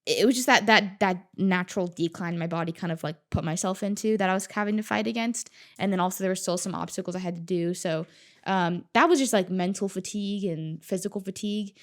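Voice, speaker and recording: A woman talking as a podcast guest in casual chat, telling her story in an animated way, swearing freely and laughing often. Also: mid-range voice, quick pace.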